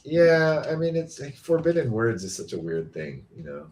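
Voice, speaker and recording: A man's voice: medium pitch, normal speed, heavy background noise. A man hosting a casual podcast chat, telling stories with lots of "like" and acting out the voices he quotes. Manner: animated storyteller who acts out quoted voices, many "like" fillers. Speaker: podcast host.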